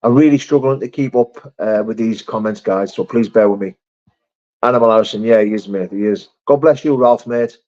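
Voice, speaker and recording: A man's voice: fairly low pitch, fairly quick, dark tone. Man chatting on a lo-fi stream. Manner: reads viewer comments aloud and answers them, swearing freely. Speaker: livestream host. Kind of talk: casual live-chat stream. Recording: slightly dull lo-fi stream audio.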